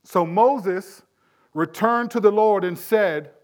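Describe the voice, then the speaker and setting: A man preaching a conversational Bible-teaching sermon, emphatic, dropping to hushed tones to stress serious points. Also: high-pitched, takes it slowly.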